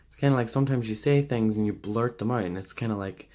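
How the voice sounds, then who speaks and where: A man gives a casual pick-a-card tarot reading, rambling and hesitant, with lots of fillers, restarts, and self-corrections. He talks fast in a lowish, dark-toned voice.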